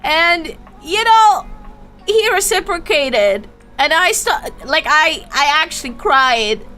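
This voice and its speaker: High-voiced woman streamer, stammering and swearing. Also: expressive, slow, sharp tone, faint music behind. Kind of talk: casual storytelling to a live chat.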